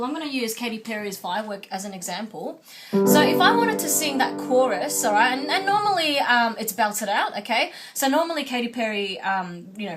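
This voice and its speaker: A young woman teaches singing in a clear, slightly high-pitched voice. She explains each step patiently and keeps checking that the student is following. Soft music sits faintly in the background. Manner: patient, instructive, checks in with "okay?". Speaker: vocal coach. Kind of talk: singing lesson.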